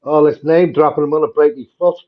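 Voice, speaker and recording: A man joking loudly in banter as a guest on a fan show. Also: on the high side, steady tone, fast talker. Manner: jokey, loud banter. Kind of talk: casual chat. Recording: dull lo-fi stream audio.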